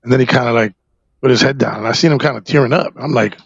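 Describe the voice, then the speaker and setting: A man from New Jersey tells a hard personal story on a podcast, his voice heavily gravelly and husky. He rambles and halts, circling back through fillers and swearing. The sound is dry and a little dull. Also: medium pitch, dry recording. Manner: halting, rambling, with frequent fillers and profanity. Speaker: podcast guest.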